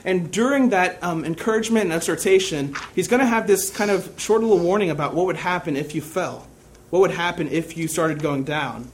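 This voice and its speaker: A man's voice: high voice, brisk, slight background noise. A young man preaching a sermon, telling a personal story in a casual, self-deprecating way.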